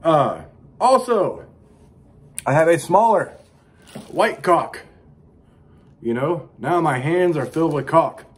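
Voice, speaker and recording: A middle-aged man delivering a crude, rambling comic monologue as a vlog host, profane with deadpan asides. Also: on the high side, slow pace, pauses often, husky.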